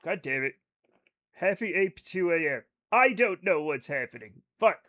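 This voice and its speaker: Excitable high-voiced man, swearing freely. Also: measured pace. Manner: excitable, swears a lot, rambling asides. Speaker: livestreamer playing a space game. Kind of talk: casual chat with stream viewers. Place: home at night.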